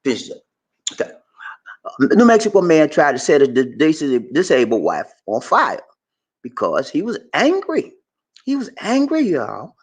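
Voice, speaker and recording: A man giving animated, preachy commentary on a news story, playful and repetitive, with questions for his audience. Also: on the high side, normal speed. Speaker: commentary channel host.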